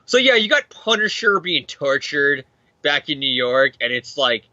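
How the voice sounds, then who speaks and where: A man's voice: fairly high pitch, very animated, a little slow, bright, forceful tone, no room sound, lo-fi sound. A man hosting a casual comic book recap show, rambling, laughing often and acting out characters. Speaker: podcast host.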